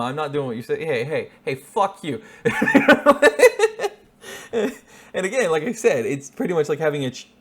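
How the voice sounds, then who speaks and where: Male reaction-video host: rambling, profane, chuckles at his own jokes. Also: mid-range voice. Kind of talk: casual reaction commentary.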